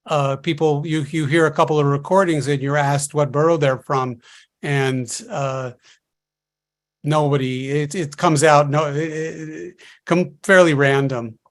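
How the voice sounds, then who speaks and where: Halting man, a bit higher voice. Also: fairly even intonation. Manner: hesitant, halting explanations. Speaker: linguist guest expert. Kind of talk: panel discussion on a webinar. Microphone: video call.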